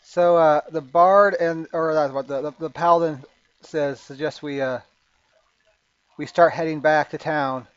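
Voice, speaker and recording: A man narrates a tabletop game as game master in a voice pitched a little high. He talks haltingly, full of fillers and restarts. The sound is dry and dull, like a lo-fi recording. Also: fairly even intonation, clean tone, no room sound.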